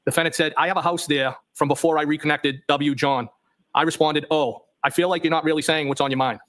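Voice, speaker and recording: A man on the witness stand reads out a chain of text messages, calling out every question mark along the way. His voice sits a bit high for a man. He delivers it plainly, in a courtroom. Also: steady tone, brisk, a bit bright. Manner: reads plainly, voicing punctuation marks. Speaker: trial witness.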